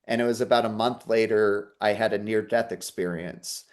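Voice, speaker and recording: A man's voice: on the low side, fairly even intonation, normal speed. A man who works as a psychic medium, giving an earnest inspirational talk and often checking in with listeners. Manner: earnest, repeats "okay?" to the audience. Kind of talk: inspirational talk with personal story.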